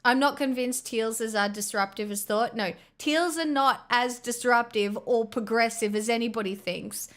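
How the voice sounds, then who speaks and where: An Australian woman with a fairly high voice talks off the cuff on a live stream. She is blunt and rambling, restarts her sentences often and swears freely as she answers viewers. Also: moderate pace, hardly any pauses, fairly bright tone. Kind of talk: casual chat reading viewer messages.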